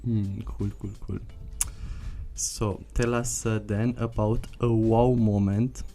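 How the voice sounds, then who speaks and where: A man interviewing a former volunteer, asking laid-back, halting questions and laughing often. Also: fairly low pitch, little pitch movement, mellow, faint music behind. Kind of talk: casual interview.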